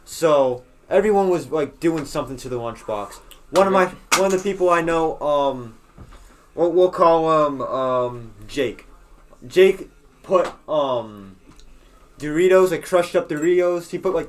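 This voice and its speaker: A man's voice: on the high side, unhurried, a little hiss or hum. A young man on a podcast, telling a rambling school story in casual chat, swearing freely and full of fillers and restarts. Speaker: podcast co-host.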